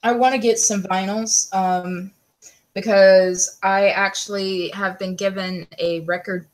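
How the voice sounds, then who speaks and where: Brief: woman in casual chat, middle pitch, quick asides. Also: fairly even intonation.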